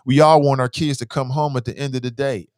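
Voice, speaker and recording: Steady in tone yet a little fast, this man's mid-range, darkish voice comes through as studio-quality audio with no room sound. Hosting a call-in talk show, the father of kids gives casual, opinionated commentary bluntly, using slang and curses, and reads listener messages aloud.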